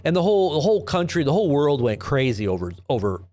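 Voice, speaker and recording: A man's voice: fairly high pitch, sing-song, fast, dark tone. A man hosting a live commentary stream, talking in a rambling, sarcastic way with frequent restarts and rhetorical questions. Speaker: host of a live news commentary channel.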